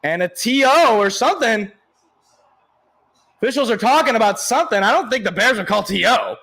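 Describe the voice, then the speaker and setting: A man giving excited live play-by-play as a fan, yelling at big plays with a voice worn from shouting. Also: sits high, brisk, creaky, poor audio. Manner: yells and cheers at big plays, sings along. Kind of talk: excited live reaction commentary.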